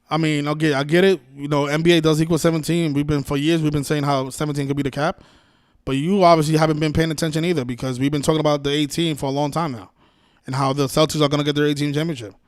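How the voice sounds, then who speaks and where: A man's voice: fairly high pitch, a little mellow, no echo. Exasperated man ranting, dry close sound. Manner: exasperated, profane, scolding; repeats and restarts words. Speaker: livestream host. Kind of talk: ranting livestream monologue.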